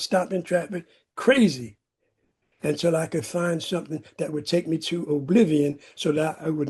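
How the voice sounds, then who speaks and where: A man from California tells his recovery story to a meeting. His voice is husky and mellow, pitched a little high. He builds his telling dramatically, stacking up emphatic repeated words. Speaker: recovery speaker. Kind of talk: personal recovery testimony. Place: meeting room.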